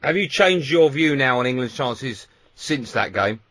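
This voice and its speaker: A man hosts a talk radio show and steers the chat with brisk, leading questions. His pitch is ordinary for a man. The studio sound is dry and close. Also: expressive, fairly bright tone, no room sound. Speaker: radio host.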